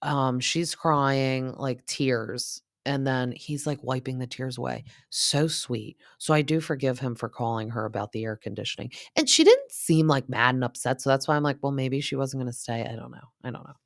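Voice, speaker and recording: Recapping reality TV, this woman in her thirties hosts a podcast and keeps things gossipy and casual, with plenty of filler words. She speaks in a bass voice at normal speed, rarely pausing, captured at studio quality with no echo.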